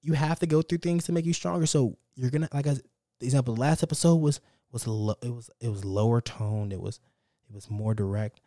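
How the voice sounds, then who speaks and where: A man's voice: medium pitch, fairly quick, warm tone, no echo, studio quality. Upbeat young man hosting a podcast. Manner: upbeat, repetitive motivational self-talk; talks from the heart without a script. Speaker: podcast host. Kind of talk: casual solo podcast monologue. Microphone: close podcast mic.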